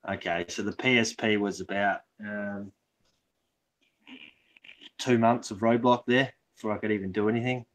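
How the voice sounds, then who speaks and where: A man's voice: on the low side, fairly even intonation, moderate pace, pauses often. A man chatting as a guest, hesitant, with a loose, easygoing delivery. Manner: loose, hesitant, lots of ums. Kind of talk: casual chat. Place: online video call.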